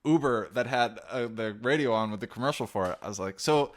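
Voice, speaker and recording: A man from New Jersey hosting a podcast, telling rambling, animated stories with frequent restarts. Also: medium pitch, a little fast. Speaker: podcast host. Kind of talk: casual chat.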